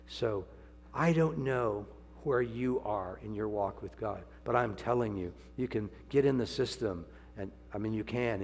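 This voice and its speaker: Older man, sermon, gravelly voice, jokey asides, sudden loud peaks, hall echo. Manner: folksy, joking, swings from low asides to loud high exclamations. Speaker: preacher. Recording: long hall reverb, faint hum.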